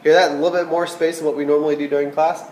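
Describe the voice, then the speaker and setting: A man's voice: on the high side, little pitch movement, very fast, reverberant, loud music behind the voice, low-quality recording. A man teaching a recorded flute lesson, patient and checking in with "okay?" as he explains. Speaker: band teacher.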